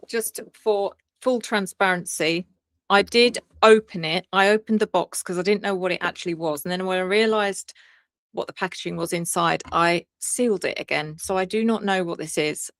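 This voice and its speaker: A woman tarot reader hosting a casual live stream, chatty and excitable, laughing often and greeting viewers by name. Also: fairly low pitch, normal speed, dry recording, studio quality.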